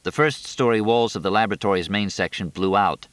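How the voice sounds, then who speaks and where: Brief: male narrator, deep and steady, dry booth sound. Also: brisk, no echo. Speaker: audiobook narrator. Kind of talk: scripted narration.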